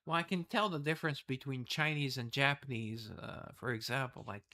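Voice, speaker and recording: A man's voice: mid-range voice, brisk, pushed and bright. A man casually reading a game's story aloud and rambling through asides and self-corrections. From the West. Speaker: game streamer reading the story.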